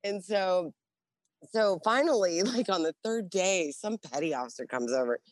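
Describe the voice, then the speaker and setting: A Navy veteran in her forties tells stories during a casual interview, her voice on the low side and her pace moderate. She's lively and profane, laughs often, and acts out dialogue. The studio-quality recording has no room sound.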